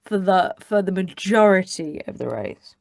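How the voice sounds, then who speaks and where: A woman co-hosting a podcast in casual chat, brisk and teasing, who keeps steering the talk back on track. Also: lowish voice, animated, creaky, no echo, clean studio sound. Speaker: podcast co-host.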